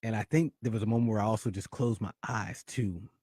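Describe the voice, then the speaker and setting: A man hosting a talk show, telling a personal story with dramatic swings between loud excitement and hushed confession. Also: fairly low pitch, a little fast, slightly rough, no room sound, clean studio sound. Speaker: podcast host.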